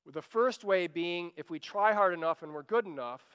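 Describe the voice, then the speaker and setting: High-voiced man preaching in a hall. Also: moderate pace, fairly bright tone, smooth. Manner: earnest, urging, repeats phrases when pleading. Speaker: pastor. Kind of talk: sermon.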